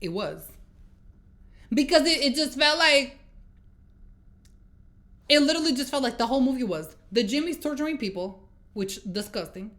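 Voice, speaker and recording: A woman's voice: high voice, normal speed, long pauses. A woman giving a casual movie review, exasperated and swearing as she retells scenes. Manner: exasperated, swearing, animated storytelling.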